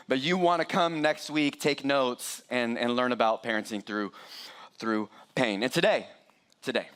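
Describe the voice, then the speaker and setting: A middle-aged man preaching a sermon as pastor, animated and joking with the congregation. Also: mid-range voice.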